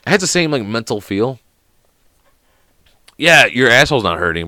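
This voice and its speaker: A man's voice: mid-range voice, very animated, normal speed, long pauses, pushed and bright, dry recording, clean studio sound. A young man who is sick hosts a podcast alone in casual chat. He swears constantly and rambles through anecdotes. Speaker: podcast host.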